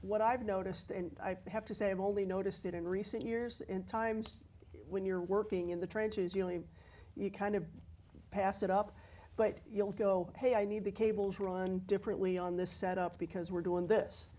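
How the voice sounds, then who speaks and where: A woman from a film crew speaks on a panel in a thoughtful, measured way. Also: mid-range voice, level tone, warm tone. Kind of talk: panel discussion.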